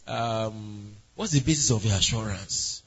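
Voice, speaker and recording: A man's voice: on the low side, unhurried, breathy edge, highs cut off. A man preaching an interactive sermon, asking the congregation questions and calling on members by name. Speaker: pastor.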